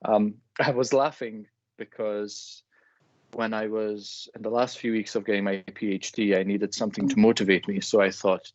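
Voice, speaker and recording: Man, friendly lecturer guest, low-ish voice, dull lo-fi call audio. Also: moderate pace, no echo. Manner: relaxed, friendly, self-deprecating. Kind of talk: casual live discussion.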